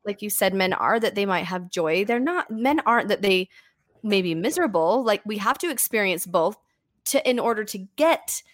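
A woman's voice: medium pitch, expressive, moderate pace, dry recording, clean studio sound. A woman hosting a podcast, chatting casually and thinking aloud with many fillers. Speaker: podcast host. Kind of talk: casual chat.

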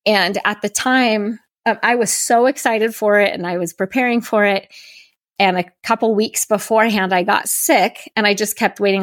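A woman podcast host telling a candid personal story in an earnest, animated way, acting out her own inner voices. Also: medium pitch, moderate pace, no echo, clean studio sound.

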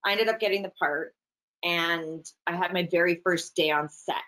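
A middle-aged actress from Canada, telling stories in a casual, animated interview. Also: female voice, on the low side, low-quality recording. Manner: animated, chatty, quick asides. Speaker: actress, guest.

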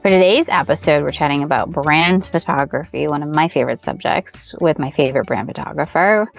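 Low-voiced woman with a light Boston accent. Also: fairly quick, gravelly, faint music behind. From Boston area, USA. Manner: chatty, laughing, restarts words. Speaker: podcast host. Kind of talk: casual podcast chat.

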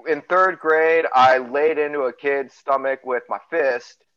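A man's voice: fairly high pitch, steady tone, a little slow, smooth, no room sound. Young man, podcast chat, hesitant, swears a lot, dry, slightly dull audio. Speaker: podcast co-host. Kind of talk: casual chat.

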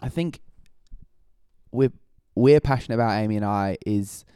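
A man's voice: lowish voice, normal speed, warm tone, smooth, dry recording, clean studio sound. A British man, a youth pastor guest on a podcast, telling stories in a jokey way and laughing often. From United Kingdom. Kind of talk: podcast conversation.

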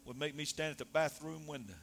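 A man preaching a sermon, dropping soft then shouting loudly. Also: a little high, quick pace, vocal fry, slight background noise. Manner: animated, swings from soft to shouting. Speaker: pastor.

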